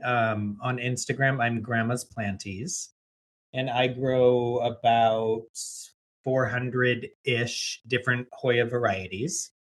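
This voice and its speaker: A man co-hosting a podcast in casual chat, relaxed and joking, laughing often. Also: medium pitch, takes it slowly. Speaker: podcast co-host, plant collector.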